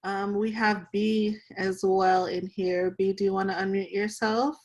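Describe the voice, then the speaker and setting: A woman co-hosts a video call at an unhurried pace. She calmly invites others to speak. Her voice sits mid-range. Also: mid-range voice. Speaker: co-host.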